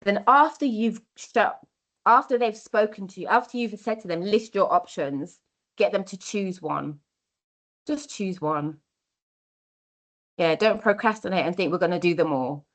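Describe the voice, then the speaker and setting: A young adult woman giving a workshop talk, earnest and encouraging, repeating her key phrases. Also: fairly low pitch. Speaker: workshop speaker on mentoring.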